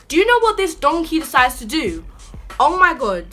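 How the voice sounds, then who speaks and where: A woman's voice: sits high, sing-song, a little fast, bright, forceful tone, faint music behind. A young woman telling a storytime vlog in a chatty, indignant way, full of filler words. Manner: indignant, rising to outbursts. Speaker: vlogger.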